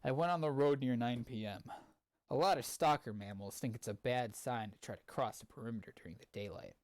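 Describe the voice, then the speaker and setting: A man's voice: medium pitch, fairly quick, dry recording. A man hosting a stream, reading fanfiction aloud in a casual, wry way and breaking off to comment between passages. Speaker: streamer host.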